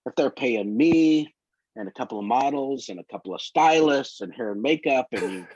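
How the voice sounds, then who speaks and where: With an animated, slightly rough, darkish mid-range voice at normal speed, this man rambles through lengthy work anecdotes as a photographer guest in a relaxed interview. The recording is dull, lo-fi and dry, with no echo.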